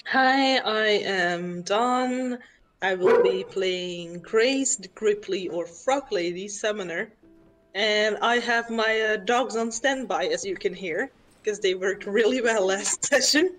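A woman playing in an online tabletop game, talking in a relaxed, wry way. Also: mid-range voice, slow pace, faint music behind. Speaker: player. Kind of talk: casual tabletop game chat.

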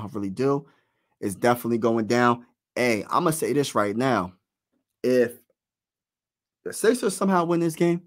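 Excited fan host calling a basketball game. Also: male voice, medium pitch. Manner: excited partisan, slangy, talks to chat. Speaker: livestream play-by-play host. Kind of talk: casual live fan play-by-play.

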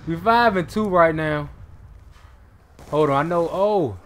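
A young man giving live gameplay commentary in a casual, excitable way, swearing and bursting into shouts. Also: fairly high pitch, measured pace. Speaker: gaming commentator.

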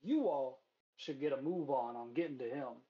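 A man voicing a charming but nervous male recruiter in a ten-gallon hat, who talks smoothly and then frets. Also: mid-range voice, normal speed, highs cut off, natural voice. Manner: smooth talker who turns anxious and rambling.

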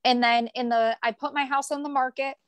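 Young woman guest, high-ish voice, dry close recording, heartfelt and repetitive for emphasis. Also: steady tone, brisk, smooth, dry recording. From United States. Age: young adult. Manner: earnest, repeats phrases for emphasis. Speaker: podcast guest, author. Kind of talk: emotional personal storytelling.

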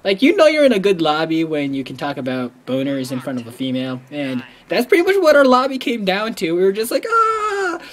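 A man chatting over his gameplay in a loose, rambling way, tossing "like" into nearly every phrase. His pitch swings around a lot, and he jumps up into high squeals whenever he acts out his own excitement. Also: fast talker, few pauses, slight background noise. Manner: rambling, excitable, heavy use of "like"; bursts into high squealing when quoting himself. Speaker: gameplay commentator. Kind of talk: casual game commentary.

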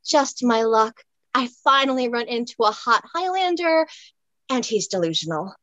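A woman's voice: fairly high pitch, lively intonation, normal speed, fairly bright tone, no echo. A woman voicing a blunt, wry modern young woman who talks back sarcastically. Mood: sassy. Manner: sarcastic, exclamatory.

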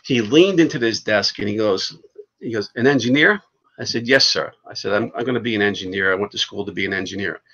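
A man, a podcast guest and fire chief, telling stories in a casual, animated way and swearing freely. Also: on the low side, fast. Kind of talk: casual storytelling. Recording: dull lo-fi podcast audio.

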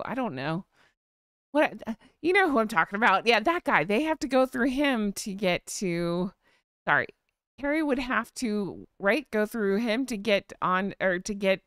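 A woman's voice: mid-range voice, a bit bright, no echo, studio quality. A woman with a Southern US accent, hosting a casual live-stream chat in a gossipy, giggly way. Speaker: host.

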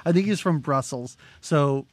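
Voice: medium pitch, measured pace, a little mellow, no room sound. A podcast co-host in casual movie-review chat, joking and laughing often while mocking scenes.

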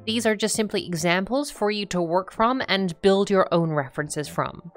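A young adult trans woman giving a voice training lesson, explaining in a relaxed, rambling way with frequent fillers. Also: medium pitch, moderate pace, faint music behind. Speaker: voice coach. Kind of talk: voice training tutorial.

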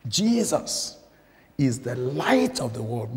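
A man's voice: medium pitch, very animated, slow. A man preaching a sermon, emphatic and questioning his listeners, often repeating phrases for weight. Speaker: guest preacher. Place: church. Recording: church recording with long reverb.

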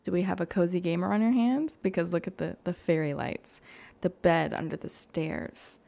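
A woman giving soft, gushing commentary while playing a cozy video game at home, often gasping and dropping into whispers. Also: lowish voice, normal speed, vocal fry. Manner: soft, gushing reactions, gasps and drops to whispers. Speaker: gaming YouTuber. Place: home room.

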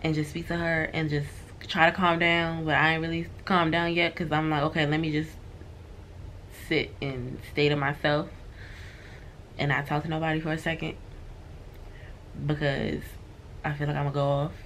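A woman's voice: deep voice, little pitch movement, moderate pace, pauses often, a bit bright, a little hiss or hum. A woman vlogging from her hotel room, venting to her viewers in a frustrated, swearing, casual way.

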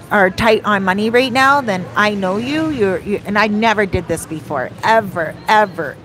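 A woman vlogger telling a personal story in a casual, animated way, acting out the lines of the people she quotes. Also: mid-range voice, slight background noise. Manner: animated retelling, acts out quoted dialogue. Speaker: vlogger and rental host. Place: home in a beach town, outdoor traffic faintly behind.

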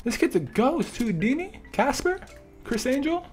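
A man's voice: very high voice, sing-song, measured pace, music in the background. A young man giving live gameplay commentary, joking, trash-talking opponents and laughing often. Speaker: gaming YouTuber.

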